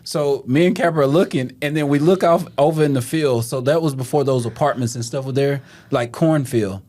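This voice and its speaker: A man's voice: medium pitch, fairly quick, darkish tone. A man in his thirties from Texas, a police officer telling a story on a podcast, acting out the quotes and laughing often. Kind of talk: casual storytelling.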